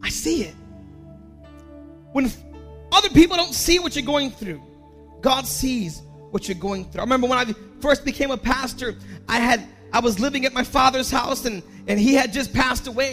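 A man preaching a sermon as pastor, emotional and personal, building to a shouted climax with repeated lines. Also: extremely high pitch.

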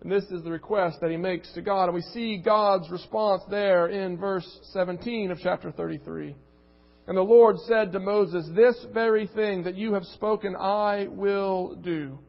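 Guy preaching in a church, high voice, kinda muffled and echoey, earnest, repeats himself when he gets going. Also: steady tone, unhurried, gravelly. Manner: earnest, emphatic, repeats words when building a point. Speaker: pastor. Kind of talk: sermon with scripture reading. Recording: muffled recording with long reverb.

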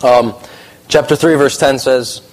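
A man preaching a casual sermon, animated and emphatic, repeating phrases as he talks through verses. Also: a little slow, low-quality recording. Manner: animated, emphatic, rises in pitch when excited.

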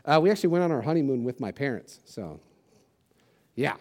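A man's voice: medium pitch, very animated, brisk, a little mellow. A man preaching a sermon as a pastor, casual and conversational, with self-deprecating jokes and lots of "like" and "you know".

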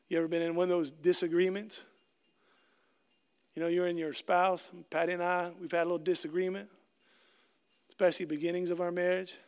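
A man's voice: sits high, clear, resonant tone. A middle-aged man preaching a conversational sermon, asking the congregation questions and acting out little scenes with jokes. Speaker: pastor.

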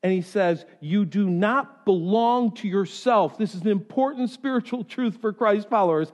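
A man's voice: high voice, normal speed, hardly any pauses. A man preaching a sermon as pastor, earnestly acting out the pleas he quotes. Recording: echoey hall.

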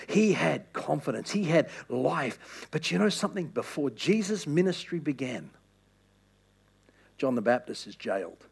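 A man preaching a sermon with impassioned, repeated appeals that swing from loud to hushed. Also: a little high, big pitch swings, measured pace, creaky, slightly rough.

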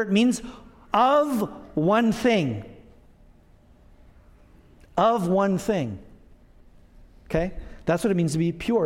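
A man in middle age delivers a sermon in a relaxed, conversational way, trading gravity for jokes at his own expense. His voice sits high for a man. The church sanctuary around him adds a long, lingering reverb. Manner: conversational, self-deprecating humor. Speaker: pastor.

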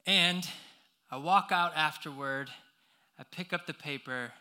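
A man's voice: a little high, a little slow, sharp tone, smooth. A young man preaching a sermon, telling a personal story with lots of fillers and restarts before turning to scripture.

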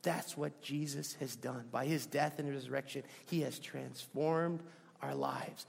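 A pastor preaching a sermon with emphatic delivery that drops to a soft hush on key lines, heard in a church. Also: male voice, medium pitch, steady tone, measured pace, gravelly, husky. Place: church sanctuary. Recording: hall with long reverb.

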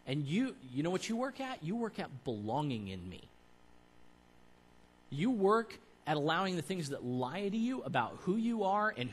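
A man preaching to his church in a conversational way, building to emphatic, louder peaks. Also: fairly high pitch, low-quality recording. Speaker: pastor. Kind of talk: sermon.

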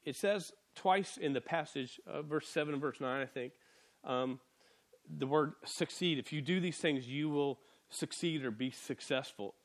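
A man delivers a sermon as pastor, his voice pitched a little high. He talks in an earnest, animated way, often restarting words as he drives home each point. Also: a little slow.

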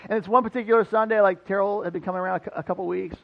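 A man preaching as a pastor, telling a personal story in a casual, animated way full of "like" fillers. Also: sits high, rapid-fire, gravelly, muffled recording. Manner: conversational, animated, many "like" fillers. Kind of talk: storytelling sermon. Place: church building.

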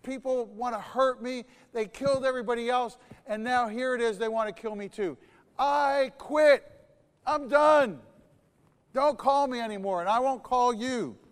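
A man voicing a despairing male prophet who wants to quit, complaining loudly and with agitation. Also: high voice, a little slow, in a large hall, pitched above the performer's own voice. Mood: exasperated.

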